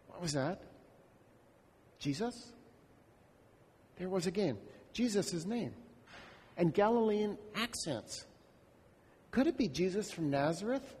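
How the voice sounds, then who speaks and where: A man with a high, breathy voice delivers a slow first-person monologue. His tone stays intimate and reflective, as if voicing his own thoughts. The recording carries a long hall reverb. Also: big pitch swings, darkish tone. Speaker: storyteller.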